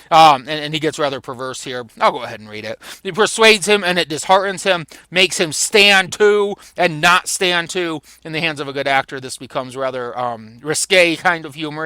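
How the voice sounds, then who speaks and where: Guy lecturing on a play, brightish higher voice, dry close sound, reads the lines out w/ punch. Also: no room sound. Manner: reads quoted lines with rising emphasis, frequent restarts. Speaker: literature lecturer. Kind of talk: lecture reading and explaining a play.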